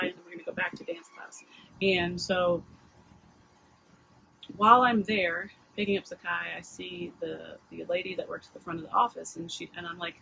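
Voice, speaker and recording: A woman in her thirties, a mom vlogging, talking in a casual confessional way with halting restarts and open emotion. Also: lowish voice, vocal fry, bright, forceful tone, a little hiss or hum, poor audio. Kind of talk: casual confessional vlog talk.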